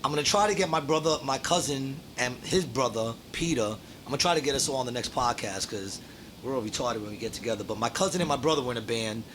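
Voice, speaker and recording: Fast-talking man telling band stories. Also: fairly bright tone. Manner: rambling, storytelling with laughs. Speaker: podcast co-host. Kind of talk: casual chat. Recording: noisy room recording with rumble.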